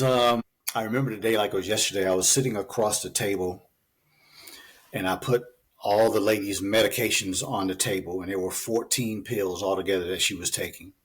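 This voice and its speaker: A man's voice: on the low side, normal speed, husky. A man, a physician guest on a talk show, telling his story in a loose, chatty way with many fillers. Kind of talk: conversational storytelling interview.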